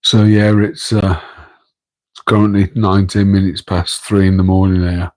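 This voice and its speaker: A man's voice: sits low, level tone, moderate pace, darkish tone, rough recording. A man with an English Midlands accent, hosting a casual late-night live stream from home, rambling and joking with viewers in chat while keeping his voice down. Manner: rambling, self-deprecating, chatting to viewers in chat; keeping his voice down so as not to wake his partner. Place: home, room next to an aquarium tank. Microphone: microphone on a tripod.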